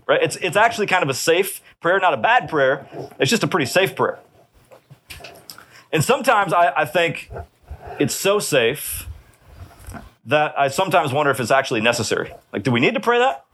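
A man's voice: high voice, very animated, normal speed, a bit bright, a little hiss or hum. A man preaching a sermon in a conversational way, often checking in with his listeners. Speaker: pastor.

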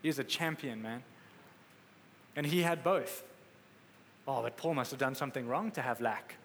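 A man's voice: mid-range voice, moderate pace, fairly bright tone, slight background noise. A man preaching a sermon in a conversational, emphatic way, acting out quotes as he goes. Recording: echoey hall with faint ambience.

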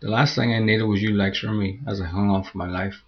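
A man voicing a reckless young woman who cries out in high, pleading tones, in a spoken horror story. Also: steady tone, fast, lo-fi sound, natural voice. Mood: furious. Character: reckless young woman, teasing then terrified.

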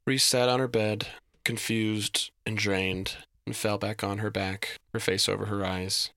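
A man narrating a story in a steady, descriptive reading. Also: lowish voice, unhurried, no room sound.

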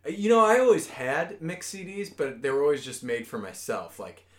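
A man's voice: a little high, expressive, moderate pace. A man in his thirties co-hosting a podcast in casual chat, joking and swearing freely. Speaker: podcast co-host.

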